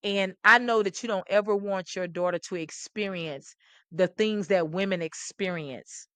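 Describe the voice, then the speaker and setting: A middle-aged woman host, talking with animated, preachy emphasis and repeating phrases. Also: mid-range voice, normal speed, no echo. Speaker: talk show host. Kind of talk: impassioned commentary to camera.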